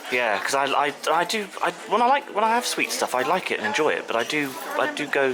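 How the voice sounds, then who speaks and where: A man's voice: a little high, expressive, fast, a crowd in the background. A man vlogging over afternoon tea in a hotel dining room, chatting and rambling enthusiastically about the food. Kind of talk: casual chat reviewing food.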